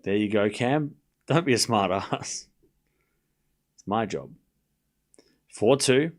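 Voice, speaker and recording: A man hosting a live tennis watchalong stream, calling points play-by-play and bantering sarcastically with chat, swinging from muttered score updates to shouted calls. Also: on the low side, animated, takes it slowly.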